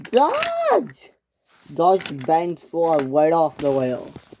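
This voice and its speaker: Over background noise, an unhurried narrator works through a toy train tale full of restarts and self-corrections. Characters' lines come out higher and louder as they're acted out.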